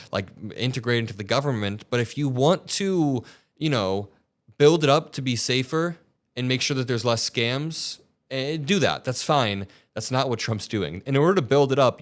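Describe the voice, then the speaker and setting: A man hosting an online political commentary show, talking in a blunt, combative way. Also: medium pitch.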